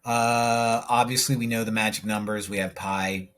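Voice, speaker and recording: A man's voice: on the low side, steady tone, moderate pace, a bit bright. A man teaching a math lesson on video, talking himself through each step as he draws graphs, with playful asides. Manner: jokey, talks to himself while working problems.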